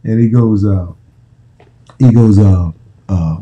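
Man in his fifties, american, former football player, casual profane storytelling, very dark voice. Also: on the low side, slow, pauses often, low-quality recording. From United States. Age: 50s. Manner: profane, repetitive, restarting phrases.

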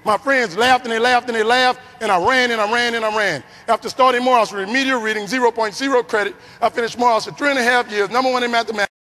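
New Orleans man, very high voice, animated motivational speaker, big hall echo. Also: quick pace, hardly any pauses. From New Orleans, Louisiana. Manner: animated, acts out voices in his story. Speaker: keynote speaker. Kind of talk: motivational storytelling speech. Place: large conference hall. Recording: long hall reverb.

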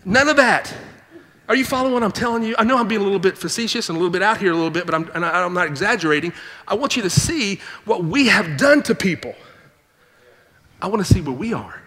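A male pastor preaching a sermon, reading scripture and then acting out the people in it with lively, animated delivery. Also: high voice, fast talker, long reverb tail. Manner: animated preaching, acts out quoted voices. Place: church sanctuary.

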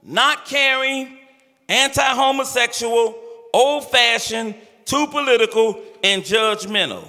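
An older male pastor preaching an impassioned, pleading sermon with rhythmic repeated phrases and shouted peaks, recorded in a large church sanctuary. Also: extremely high pitch, slow. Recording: echoey church hall with long reverb.

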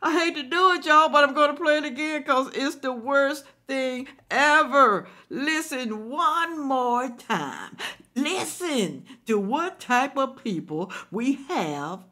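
A woman's voice: high voice, lively intonation, slow pace, pushed and bright. A woman hosting a reaction video, commenting indignantly and preaching to viewers.

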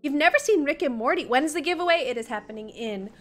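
A woman's voice: sits high, expressive, fast talker, a bit bright. A young woman hosting a casual livestream as community manager, chatting with viewers and cooing at her dog. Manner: chatty, talks baby-talk to her dog. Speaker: live streaming and community manager. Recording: faint music behind.

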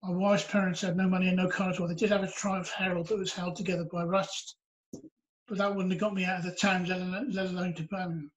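High-voiced man telling his story. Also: flat delivery, fast, a little hiss or hum, poor audio. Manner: earnest, reflective storytelling. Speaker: interviewee sharing his testimony. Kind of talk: personal storytelling.

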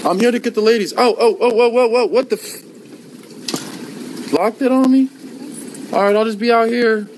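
Loud goofy male street streamer. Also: very high voice, fairly even intonation, moderate pace, long pauses, noisy background. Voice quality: loud, goofy and taunting, repeats phrases. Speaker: IRL streamer. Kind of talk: rambling live street stream. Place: outdoors on a city street and at a hotel door. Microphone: handheld phone.

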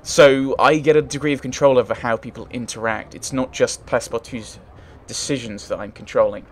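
A man's voice: mid-range voice, steady tone, a little fast. A man playing a story game, reading its text aloud and thinking aloud in casual, hesitant commentary. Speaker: let's play gamer.

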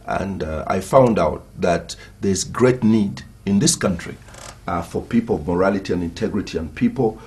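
A Zambian man answering as a political guest in a TV interview, speaking in deliberate, emphatic phrases that repeat for force. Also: deep voice, a little mellow. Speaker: party president, interview guest.

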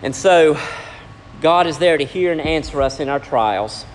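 A man preaches a sermon in a church hall, his voice sitting a bit high. He swings between raised, ringing lines and quiet, hushed ones. Long reverb trails every phrase over a faint room hum. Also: animated, measured pace. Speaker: pastor.

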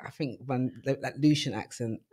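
A woman's voice: a bass voice, moderate pace, warm tone, slightly rough. A woman co-hosting a casual radio show, teasing and coy, often laughing as she talks. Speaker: radio co-host.

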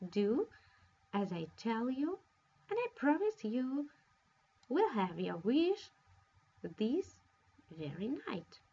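A woman voicing a short, plump, kindly old fairy godmother in a storybook reading, soothing and unhurried. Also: fairly high pitch, big pitch swings, warm tone, breathy edge, lo-fi sound, full character voice.

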